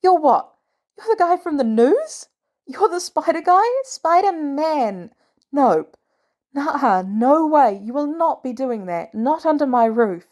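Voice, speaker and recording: A woman voicing a furious, protective middle-aged aunt who shouts and scolds loudly. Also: on the high side, animated, a little slow, gravelly. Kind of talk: fan audiobook reading.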